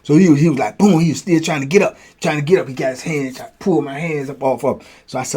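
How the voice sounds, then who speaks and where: A man telling stories from prison in a casual, animated way, acting out blows with sound words. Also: fairly high pitch, fast talker, few pauses, breathy edge. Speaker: storyteller, host.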